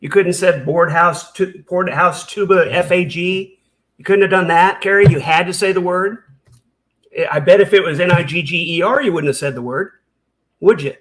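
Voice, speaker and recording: A man's voice: sits high, moderate pace, fairly bright tone. A man hosting a reaction commentary, ranting in a heated, sarcastic and profane way. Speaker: commentary channel host.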